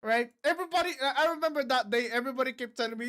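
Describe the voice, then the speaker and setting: A man reacting live to a card game tournament on stream, excitable and often shouting and laughing in disbelief. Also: very high-pitched, fast talker, few pauses.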